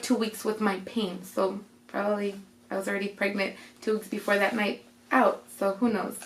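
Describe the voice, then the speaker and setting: A young woman casually telling a personal story, acting out what people said along the way. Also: medium pitch. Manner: chatty, retelling with quoted voices. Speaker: vlogger. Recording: roomy echo.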